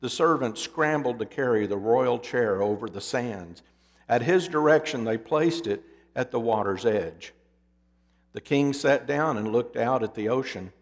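A man preaching a sermon in a deliberate, emphatic storytelling manner, his endings dropping low. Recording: long hall reverb.

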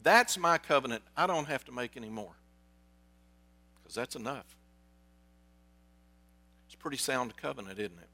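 Bright-voiced male pastor preaching. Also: medium pitch, expressive, normal speed, long pauses. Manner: conversational storytelling, asks the congregation questions. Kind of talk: sermon.

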